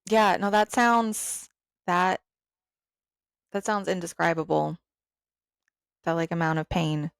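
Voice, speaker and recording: A woman hosting a casual interview, sympathetic and quick to laugh. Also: fairly low pitch, creaky, clear, resonant tone, no room sound, clean studio sound. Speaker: podcast host.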